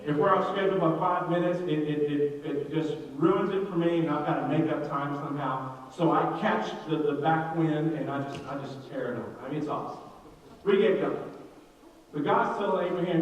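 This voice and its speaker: High-voiced middle-aged pastor in an echoey hall. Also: male voice, normal speed. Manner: energetic, joking, speaks straight to the congregation, many restarts. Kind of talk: sermon. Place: church sanctuary. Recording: echoey hall, mic far off.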